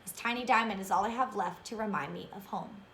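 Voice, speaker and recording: A woman's voice: mid-range voice, fairly quick, a bit bright, echoey room, a little hiss or hum, lightly acted. A woman voicing a kindly old Polish woman who cooks at a shelter, in a put-on Polish accent and a fussy, doting manner. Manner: fussy, doting, calls the boy dearie.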